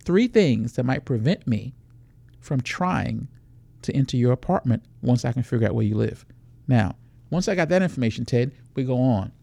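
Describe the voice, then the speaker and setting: A man's voice: mid-range voice, expressive, moderate pace, gravelly, mellow, no echo. A man who is a security expert, explaining how predators work in a podcast interview, walking through scenarios.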